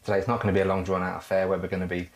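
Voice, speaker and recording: Man, very low voice, fast, blunt, confident, gravelly, music behind. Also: flat delivery. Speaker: dinner party guest and DJ. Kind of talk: casual chat and interview asides.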